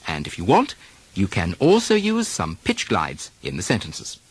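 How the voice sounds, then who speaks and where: A man's voice: low-pitched, wildly swooping pitch, moderate pace, husky. A man teaching an accent lesson, carefully demonstrating vowels and stresses and asking listeners to repeat after him. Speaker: dialect coach.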